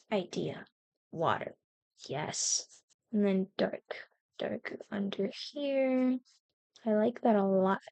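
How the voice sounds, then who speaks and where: A woman's voice: fairly high pitch, mellow, no room sound. Chatty woman vlogging while painting. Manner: chatty, self-mocking, talks to viewers. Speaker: art vlogger. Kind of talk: casual chat while painting. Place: indoors, sitting on the floor.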